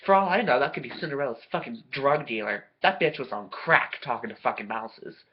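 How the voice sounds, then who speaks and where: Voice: mid-range voice, animated, a little fast, husky. Foul-mouthed sarcastic ranting vlogger, lo-fi. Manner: swears constantly, sarcastic, loud bursts of outrage. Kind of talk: profane comedic rant to camera. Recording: dull lo-fi recording.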